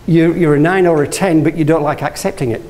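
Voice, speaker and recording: In a rough recording, a fast-talking Yorkshireman with a fairly high, slightly mellow voice and fairly even intonation delivers a motivational talk as guest speaker. He shares stories and quizzes the audience, with frequent restarts and self-corrections.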